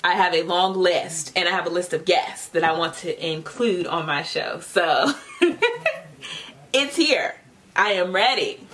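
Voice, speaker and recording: Candid woman in her thirties, lower voice. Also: sing-song, takes it slowly, a bit bright, slight background noise. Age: 30s. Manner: candid and conversational, building points in short lists. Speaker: podcast host. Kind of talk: casual solo podcast monologue.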